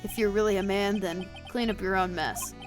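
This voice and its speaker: A woman voicing a cool, brooding male prosecutor, speaking low and stern. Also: fairly even intonation, music in the background, close to an everyday voice. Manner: low, slow, gravely stern. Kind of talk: game dialogue read aloud on a stream.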